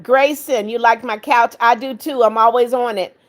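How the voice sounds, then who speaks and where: A middle-aged woman hosting a livestream, reading viewer comments aloud, warm to kind viewers and firm with rude ones. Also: fairly high pitch, steady tone, moderate pace. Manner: firm, scolding rude commenters, affectionate to others. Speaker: livestream host reading chat. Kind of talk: casual live chat.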